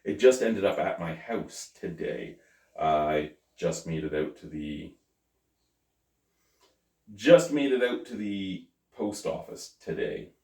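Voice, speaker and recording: A man's voice: deep voice, very animated, slow pace, a little mellow. A man casually reviewing a beer on camera, chatty and thinking aloud, correcting himself as he goes. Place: at home. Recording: roomy, mic at a distance.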